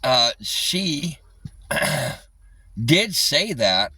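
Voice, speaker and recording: A man's voice: medium pitch, very animated, drawn-out words, bright, forceful tone, husky, no echo, distant mic, poor audio. A man ranting angrily on a live stream, swearing constantly and repeating himself. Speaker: livestreamer.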